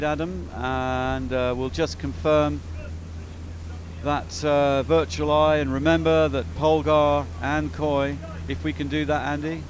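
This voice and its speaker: A man's voice: fairly high pitch, slight background noise. A man giving chatty, upbeat live commentary on a sailing race, with frequent fillers.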